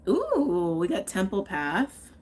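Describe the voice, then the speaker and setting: A woman's voice: medium pitch, wildly swooping pitch, takes it slowly, background noise. A woman giving a live tarot and astrology reading, chatting and thinking aloud, often checking in with "okay?". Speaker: tarot reader.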